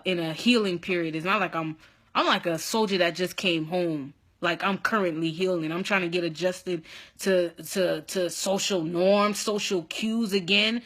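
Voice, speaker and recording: A young adult woman telling her own story in a casual vlog, expressive, with loud whoops and animated retelling. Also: medium pitch. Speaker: vlogger.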